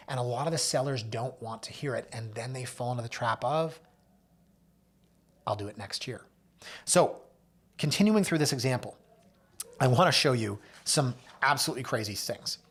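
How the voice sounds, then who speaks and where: A man hosting a market commentary show, talking loosely and chattily to camera. He rattles off figures from a list, his voice jumping up on some names, and drops self-mocking asides along the way. His pitch sits at an ordinary middle register for a man. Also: breathy edge. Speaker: realtor and show host. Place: office or studio with someone off camera.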